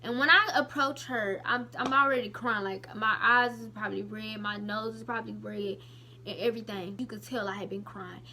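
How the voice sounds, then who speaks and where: A young woman vlogger telling a personal story to her viewers in a casual, emotional, animated way with many asides. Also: medium pitch, moderate pace.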